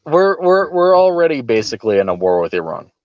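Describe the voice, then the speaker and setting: A man's voice: a little high, very animated, a little fast, dry recording, lo-fi sound. A man co-hosting a political podcast, talking casually with a sarcastic, mocking edge and frequent laughs. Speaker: podcast co-host.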